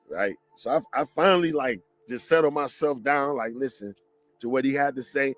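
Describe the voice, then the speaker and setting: A man from Detroit giving a lively motivational talk, telling stories in slangy, animated speech and laughing along. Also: medium pitch, moderate pace, soft background music. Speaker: motivational speaker.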